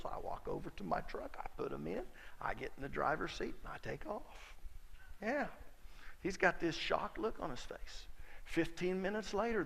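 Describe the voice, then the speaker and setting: A man's voice: fairly high pitch, gravelly, fairly bright tone. A middle-aged man, a pastor, preaching a sermon and telling a personal story in a folksy, emphatic way. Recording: long hall reverb.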